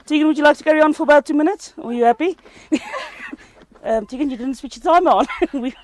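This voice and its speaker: A woman's voice: sits high, fast, darkish tone, no room sound. A woman teaching a first-aid class, quizzing her student and joking with frequent laughter. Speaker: CPR instructor.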